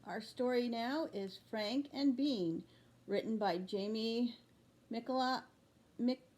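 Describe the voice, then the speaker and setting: A woman teacher reads a children's chapter book aloud in a slow, deliberate storybook manner. Her voice sits a little high, and she takes her time with each page. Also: expressive, darkish tone.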